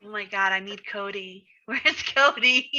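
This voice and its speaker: An American woman from Arizona co-hosting a casual online chat, excitable and often laughing. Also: medium pitch, measured pace. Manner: giggly, excitable. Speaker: co-host. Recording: dull lo-fi audio.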